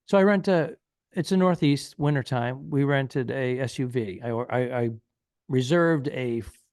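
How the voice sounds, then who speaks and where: A man's voice: mid-range voice, normal speed, a little mellow, no echo. Podcast guy rambling thru a funny story, doing little voices for people, dead dry close mic. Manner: rambling anecdote, acts out quoted people. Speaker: podcast co-host. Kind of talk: casual comedic storytelling.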